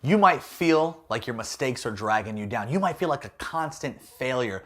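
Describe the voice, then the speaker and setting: A man's voice: mid-range voice, expressive, normal speed, fairly bright tone. A man giving a playful, jokey youth talk as a youth pastor.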